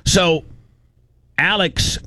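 A man's voice: high voice, drawn-out words, pushed and bright, dry recording. Heated male radio host, dry studio sound. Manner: heated, blunt, rambling with restarts. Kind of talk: on-air storytelling rant. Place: broadcast studio. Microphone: studio microphone.

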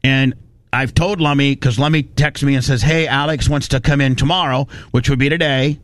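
A man hosting a talk radio show, telling a story in a lively, ranting way and swearing now and then, recorded in a studio. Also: medium pitch, moderate pace, no echo. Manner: animated storytelling, ranting, profane. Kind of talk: casual studio chat.

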